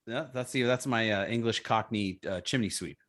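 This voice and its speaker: A man's voice: lowish voice, moderate pace, fairly bright tone. A man co-hosting a comedy podcast, teasing and sarcastic in casual chat. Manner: teasing, sarcastic, laughs along. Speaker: podcast co-host.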